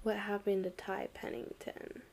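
A woman's voice: medium pitch, flat delivery, a little slow, gravelly, a little mellow, slight background noise. A woman in a casual chat, talking with lots of fillers and reading search results aloud as she goes.

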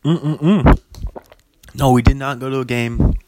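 A man's voice: medium pitch, flat delivery, a little fast, a little mellow, clean tone, no echo. A young man chatting casually as a podcast host, rambling with lots of fillers and frequent laughs. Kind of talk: casual chat.

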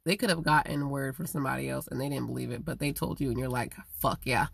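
A woman with a low, gravelly voice delivers a rambling, profane monologue. She swings from loud, emphatic bursts to low mutters. The sound is dry and close, with no room echo. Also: fast talker.

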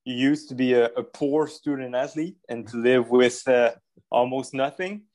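A man's voice: mid-range voice, moderate pace, a little mellow. A man in his thirties from Ottawa with a French accent, a pro football executive talking casually as a guest in an interview and leaning on lots of fillers. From Ottawa, Canada. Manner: easygoing, many fillers and restarts.

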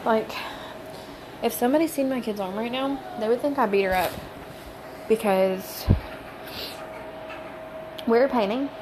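Mom rambling at home, chatty, drops to whispers, noisy recording. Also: female voice, mid-range voice. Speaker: mother of young children. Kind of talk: casual home vlog chat.

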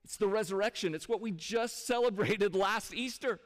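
High-voiced pastor preaching in a reverberant hall. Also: male voice, normal speed. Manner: conversational, with rhetorical questions to the audience. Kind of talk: sermon. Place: church sanctuary.

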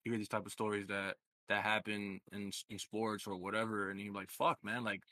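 A man with a fairly low voice and a forceful, bright edge talks through a loose sports chat as co-host. He rambles and circles back, leaning on "like" and "you get me" as he works out his point. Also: little pitch movement, brisk, no echo. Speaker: podcast co-host.

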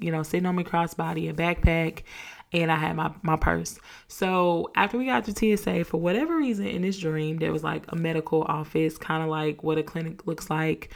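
A woman tells a personal story on her podcast in a loose, chatty way, leaning on fillers as she goes. Her voice sits low with a gravelly fry running through it, and she acts out the dialogue as she retells it. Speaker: podcast host. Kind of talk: casual storytelling.

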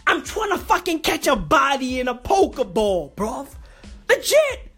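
A woman doing an excitable, profane comedic rant, packed with repeated slang catchphrases and sudden comic pitch jumps. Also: moderate pace, slightly rough, faint music behind.

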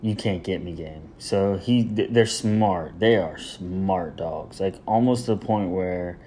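A man's voice: sits low, slow, dark tone, a little hiss or hum. A man in his thirties hosting his own podcast, talking loosely and jokingly in a rambling, chatty way. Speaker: podcast host. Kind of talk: casual solo podcast talk.

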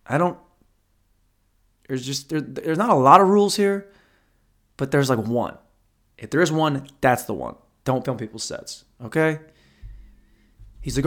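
A man's voice: medium pitch, expressive, moderate pace, long pauses, a bit bright. A male comedian spinning a long anecdote in a loose, profane, rambling way. He corrects himself mid-story and mocks his own failures. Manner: profane, rambling, self-deprecating. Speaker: stand-up comedian. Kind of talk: stand-up storytelling.

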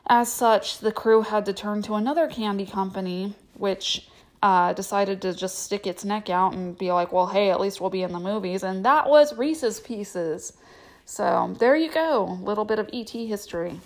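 A woman reading a novel aloud, breaking off for chatty, filler-heavy asides. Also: medium pitch. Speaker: reader. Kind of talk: audiobook reading with casual asides.

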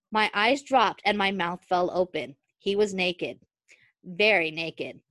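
A woman podcast host reading a fan fiction story aloud, expressive and quick to break into laughter. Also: fairly low pitch, no room sound.

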